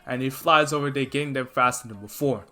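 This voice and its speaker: A man's voice: mid-range voice, quick pace, pushed and bright. A man retelling a fan-fiction story in a loose, rambling casual way. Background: faint lofi music.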